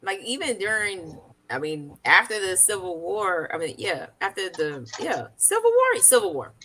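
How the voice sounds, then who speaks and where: A woman co-hosting a casual live chat. Her voice is bright and ringing, and she talks loosely, with lots of fillers. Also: mid-range voice, moderate pace, a little hiss or hum. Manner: relaxed, laughing, loose with fillers. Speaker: co-host.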